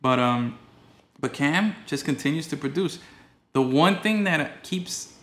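A man co-hosting a podcast, chatting casually about football in a rambling, excitable way with lots of restarts. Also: a little high, unhurried, roomy sound. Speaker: podcast co-host. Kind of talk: casual sports chat.

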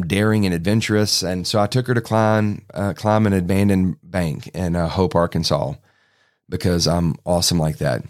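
Middle-aged pastor, folksy storyteller with dry self-deprecating jokes, lowish voice. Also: male voice, darkish tone. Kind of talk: sermon storytelling.

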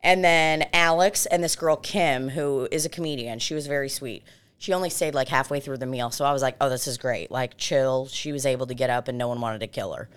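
A woman's voice: very deep voice, fairly quick, smooth. A woman from Belarus, a podcast co-host, telling stories in casual chat, swearing freely and acting out voices. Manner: animated, swears freely, acts out voices in anecdotes.

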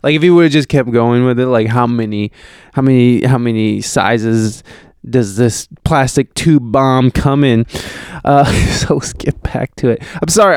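Crude rambling man, smooth voice. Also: mid-range voice, a little mellow, no room sound, studio quality. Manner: rambling, crude, with many fillers and restarts. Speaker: podcast host. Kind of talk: casual chat, reading news aloud.

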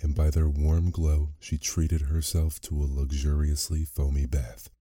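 A man with a very deep, dark voice reads a bedtime sleep story slowly and softly. His tone is husky and close, and the recording is dry with no room sound. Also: flat delivery, no room sound. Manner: slow, soft and measured. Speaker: narrator.

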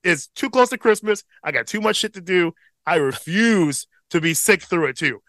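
A man in his thirties co-hosting a casual podcast chat, relaxed and profane, with a slight tickle in his throat. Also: high voice, normal speed, no room sound. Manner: laid-back, profane, chuckles often. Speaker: podcast co-host.

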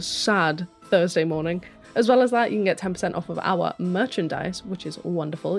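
A woman's voice: on the low side, a little mellow. A woman co-hosting a podcast, bubbly and teasing as she chats. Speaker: podcast co-host. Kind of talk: casual podcast chat, plugging the show.

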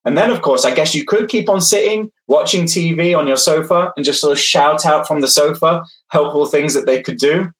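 A man's voice: on the high side, normal speed, hardly any pauses, rough recording. A man lecturing online, engaging his audience directly and reading out their replies from the chat.

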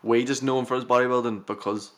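A man's voice: mid-range voice, steady tone, fast. Wry man. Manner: wry, swears freely. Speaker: podcast co-host. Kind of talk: casual banter.

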